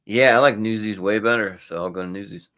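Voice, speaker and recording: A man's voice: fairly low pitch, fairly quick, crowd noise. A man on a movie panel, joking around and laughing often as he votes. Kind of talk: casual panel chat.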